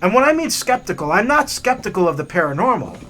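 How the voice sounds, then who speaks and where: A man hosting a hiking vlog and telling stories in an animated, chatty way with many fillers. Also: high voice, fast, a little hiss or hum. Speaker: hiking vlogger. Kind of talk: storytelling narration.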